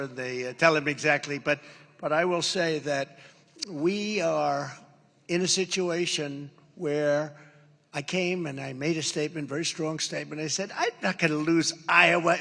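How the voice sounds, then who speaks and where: An older man delivers a rambling, boastful campaign rally speech, his voice forceful and pitched a bit high. He acts out quoted exchanges as he goes. The sound rings with the long reverb of a large hall. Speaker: political speaker at a rally.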